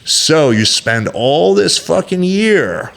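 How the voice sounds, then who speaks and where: A man's voice: a little high, very animated, slow, creaky, fairly bright tone. A man, a competitive bodybuilder, talking as a guest in a candid, rambling interview, blunt and heavily profane, acting out quoted dialogue and leaning on "you know" and "like.". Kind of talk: candid casual interview storytelling.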